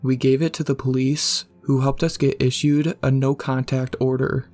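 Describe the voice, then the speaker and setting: A man narrates a scary story in a steady, level voice that rarely rises or falls. His tone is dark and mellow, and the reading is scripted and unhurried in feel. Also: mid-range voice, soft background music.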